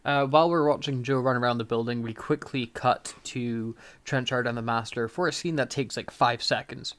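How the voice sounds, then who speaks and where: A man's voice: mid-range voice, fairly even intonation, normal speed, fairly bright tone. A man co-hosting a fan podcast in casual chat, chatty and laughing often as he recounts scenes. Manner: chatty, laughs often, mimics lines in quotes. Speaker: podcast co-host.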